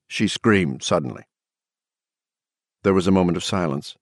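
Low-voiced man narrating an audiobook. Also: moderate pace, no room sound, clean studio sound. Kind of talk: scripted narration.

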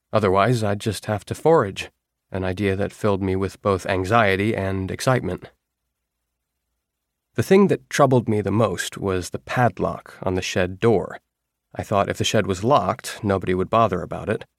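A man reading a first-person story aloud in a measured, wry storytelling manner. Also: fairly low pitch, no room sound, clean studio sound. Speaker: audiobook narrator. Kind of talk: scripted first-person narration.

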